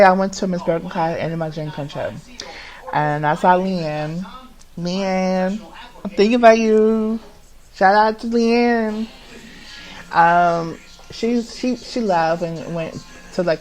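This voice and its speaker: A man's voice: a little high, rough recording. A man alone at the mic, pouring out a confessional monologue for his podcast. He stumbles and restarts constantly, circling back over the same words. His speech is full of swearing and runs raw and agitated throughout. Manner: rambling and halting, with many restarts and repeats; heavy swearing. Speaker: podcast host.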